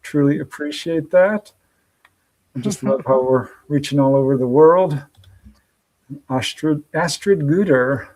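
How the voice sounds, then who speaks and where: Upbeat guy hosting a livestream, kinda high voice, reading out chat names and laughing a lot. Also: measured pace, pauses often, a little mellow, low-quality recording. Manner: upbeat, greets chat viewers by name, laughs often. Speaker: podcast host.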